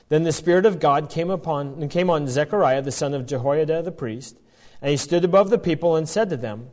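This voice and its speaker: A man's voice: on the high side, darkish tone. A man teaching from the Bible, reading passages aloud and explaining them as he goes, with frequent restarts.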